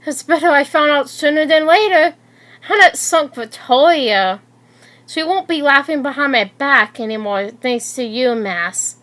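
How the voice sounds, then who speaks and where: A woman's voice: high voice, pushed and bright, full character voice. A woman reading aloud and voicing a hurt, angry teenage schoolgirl who sounds shaken and bitter.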